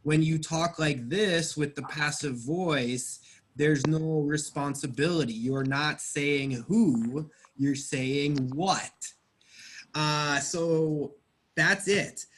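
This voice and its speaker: A man's voice: on the high side, slow, a little hiss or hum. A man teaching an English grammar class, explaining patiently step by step and quizzing his students.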